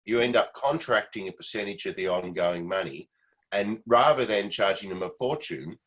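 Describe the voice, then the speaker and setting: Participant: man, lowish voice, rambling advisory talk over a video call. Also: moderate pace, fairly bright tone, low-quality recording. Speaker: meeting participant, former session musician. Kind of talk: casual video-call chat.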